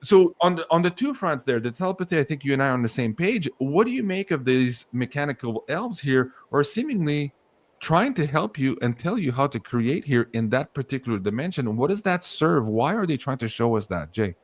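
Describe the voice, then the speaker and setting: A man's voice: medium pitch, a little fast, no room sound. A man hosting a podcast, chatting casually and telling stories with swearing and acted-out quotes. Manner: animated storytelling, swears casually, acts out quotes. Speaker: podcast host.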